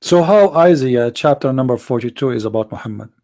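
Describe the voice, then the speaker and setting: He has a medium-pitched, dark-toned voice, animated and fairly quick. As host of a live online call-in debate show, he argues heatedly in non-native English, pressing with repeated rhetorical questions.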